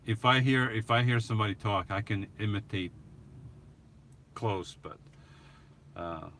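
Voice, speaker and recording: A man chats on a relaxed live stream, reading viewers' comments aloud and answering them. He talks slowly and haltingly, circling back with restarts, and his voice has a bright, forward edge. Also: fairly low pitch, a little hiss or hum. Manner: slow, halting, with many restarts and chuckles. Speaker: vlogger answering live chat questions. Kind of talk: casual live-stream chat.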